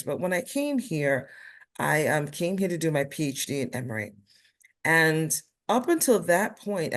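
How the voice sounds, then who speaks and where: Animated New York woman. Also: low-pitched. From Brooklyn, New York. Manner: animated, emphatic storyteller with a playful streak. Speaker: nurse and health policy advocate, guest. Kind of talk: panel interview conversation.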